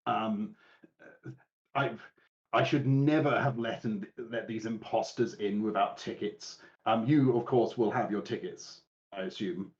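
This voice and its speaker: A man's voice: on the low side, unhurried, dull audio. A man doing a fussy flustered head servant. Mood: apologetic. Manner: anxious over-apologetic stammer turning indignant.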